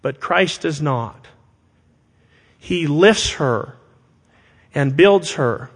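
An animated, husky, fairly high male voice preaches to a congregation, speaking deliberately and with emphasis. He asks rhetorical questions, and the recording carries a long hall reverb.

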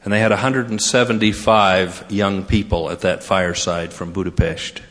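Older male guest speaker, devotional address, low-ish voice, easygoing storyteller, reverberant hall. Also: fairly even intonation, moderate pace, fairly bright tone. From Sacramento, California. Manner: folksy, good-humored storytelling. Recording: long reverb of a large hall.

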